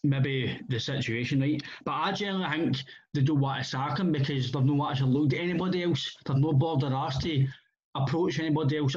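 Blunt Scottish man, muffled audio. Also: fairly high pitch. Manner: blunt, swearing, rambling restarts. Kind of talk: casual football chat.

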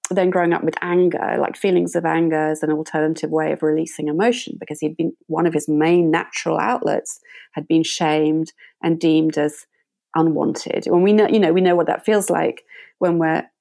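A woman meditation teacher, a guest in an interview, telling a story in a gentle and reflective way. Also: sits low, fairly even intonation, normal speed, vocal fry.

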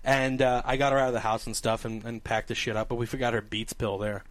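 A man's voice: medium pitch, fast, no room sound. A man telling a story to his podcast co-hosts in casual chat, cursing freely and acting out the voices of the people in it. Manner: animated, profane, acts out dialogue with laughs. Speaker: podcast co-host.

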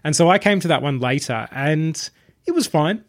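Easygoing man with a higher voice. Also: lively intonation, normal speed. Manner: easygoing, laughs often. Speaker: podcast co-host. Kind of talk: casual film chat.

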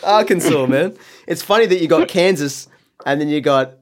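A man's voice: fairly high pitch, normal speed. An Australian man hosting a podcast in casual chat, rambling, laughing often and swearing freely. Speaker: podcast host.

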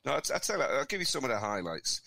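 A man's voice: mid-range voice, very animated, very fast, gravelly, pushed and bright, no room sound. A middle-aged man co-hosting a podcast, telling rambling, chuckling anecdotes in casual chat. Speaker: podcast co-host.

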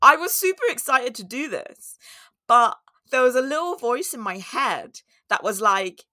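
A woman's voice: a little high, expressive, a little slow, sharp tone, dry recording, studio quality. A young woman telling a candid, reflective personal story in a monologue, now and then acting out her own inner voice.

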